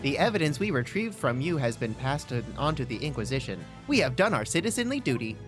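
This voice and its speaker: A stream co-host trading teasing banter and reading lines, with a lively, bouncing pitch at a middle register. Faint game music sits behind. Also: a little fast. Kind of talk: live let's-play commentary and reading dialogue.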